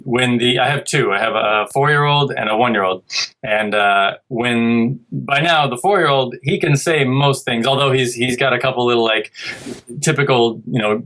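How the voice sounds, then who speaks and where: A man in his thirties, a podcast guest with a mid-range, fairly bright voice, chats casually in a rambling way, interrupting himself and sometimes mimicking a child's speech. The audio quality is poor.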